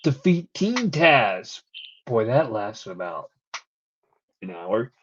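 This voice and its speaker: A man's voice: mid-range voice, sing-song, slow, slight background noise. A young man co-hosting a casual wrestling recap, rambling and swearing as he tells stories. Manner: profane, rambling storyteller. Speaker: podcast co-host. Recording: dull lo-fi recording.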